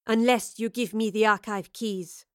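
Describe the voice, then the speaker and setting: A woman voicing a quiet, scornful villainess. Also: medium pitch, fairly even intonation, unhurried, dry recording, clean studio sound, natural voice. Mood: cold. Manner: quiet, contemptuous. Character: cold, scornful female kidnapper.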